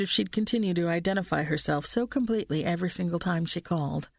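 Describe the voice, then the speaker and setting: A woman narrating a mystery novel as an audiobook in the first person, reading in a steady, measured way on a close studio mic. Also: lowish voice, vocal fry, dry recording.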